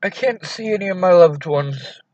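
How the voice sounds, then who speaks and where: A man's voice: high voice, animated, normal speed, a little mellow, dry recording. A man on a phone call, distressed and pleading, bitter and near tears.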